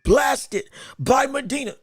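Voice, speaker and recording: A male podcast host giving live watch-along commentary on a fight, excitable and emphatic, shouting encouragement with a strained voice. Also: extremely high pitch, slow, no echo, studio quality, faint music behind. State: straining his voice.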